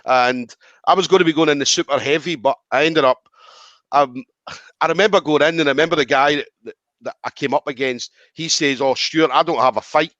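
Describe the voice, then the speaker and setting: Male podcast host, lively storyteller, acts out quotes, dry and slightly dull audio. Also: fairly high pitch, a little fast, dry recording. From Scotland. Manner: animated, acts out quoted lines, swears freely. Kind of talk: casual storytelling chat.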